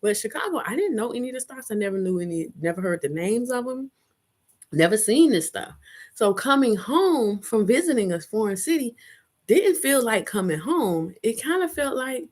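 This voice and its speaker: A woman on a home live chat spins a wild story with loud, rowdy energy, swearing as she goes and slipping into quoted voices. Her voice sits a bit high and swings widely from low murmurs up to near shouts. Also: moderate pace. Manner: animated, rowdy, swears freely, acts out quotes. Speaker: vlogger, live chat host. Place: home in Chicago.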